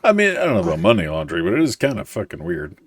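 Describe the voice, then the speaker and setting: A man's voice: sits low, huge pitch swings, very fast, breathy edge, dry recording. A man co-hosting a casual talk stream, laid-back, swearing often and laughing a lot. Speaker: co-host. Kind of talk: casual chat.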